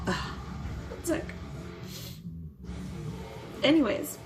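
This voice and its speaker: A young adult woman telling a personal story to camera in a vlog, candid and quick to swear, with nervous little laughs. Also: faint music behind, rough recording. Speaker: vlogger.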